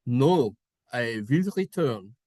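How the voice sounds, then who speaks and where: A calm, reassuring father bids his children goodbye, as a teacher acts it out. The voice sits a touch low and even. The sound is dry and close. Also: slow, no room sound.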